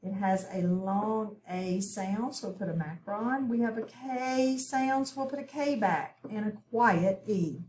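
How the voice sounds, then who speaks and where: A woman teaching a phonics lesson, talking slowly and clearly as she spells out sounds. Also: mid-range voice, darkish tone, a little hiss or hum. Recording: echoey room.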